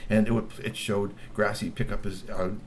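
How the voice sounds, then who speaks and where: A man's voice: fairly low pitch, flat delivery, moderate pace, a little hiss or hum. A man telling a long story with exclamations, laughing asides and repeated words. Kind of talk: animated oral storytelling.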